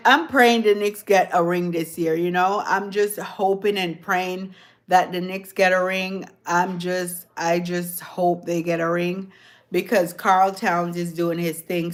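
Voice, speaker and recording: A livestream host with a light Jamaican accent and a fairly low-pitched voice chats casually with her live viewers, laughing often and throwing questions their way.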